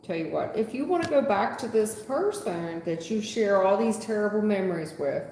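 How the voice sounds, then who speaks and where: A woman's voice: medium pitch, lively intonation, normal speed, warm tone, slight background noise. Sarcastic woman reading tarot, echoey room. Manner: sarcastic, scolding, folksy. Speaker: tarot reader. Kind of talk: live-stream tarot reading. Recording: echoey room with long reverb.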